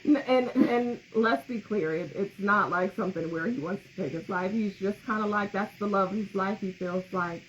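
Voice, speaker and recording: A woman's voice: mid-range voice, normal speed, hardly any pauses. A woman co-hosting a podcast on grief, talking candidly and emotionally, with frequent laughter. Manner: candid, emotional, laughs often, reads comments aloud. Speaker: podcast co-host. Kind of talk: casual podcast talk about grief. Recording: slightly muffled with faint background noise.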